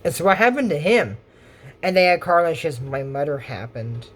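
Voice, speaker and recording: A man's voice: sits high, lively intonation, quick pace, noisy background. A man casually retelling a cartoon episode, with lots of restarts and fillers and little asides to his viewers. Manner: rambling retelling with fillers and restarts, half-acts quotes. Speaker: YouTube episode recapper.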